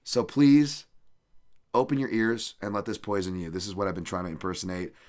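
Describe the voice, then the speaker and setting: A man hosting his own podcast with a somewhat low voice. He rambles casually, swears freely and pokes fun at himself. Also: expressive, brisk, a little mellow. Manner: rambling, profane, self-deprecating. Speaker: podcast host.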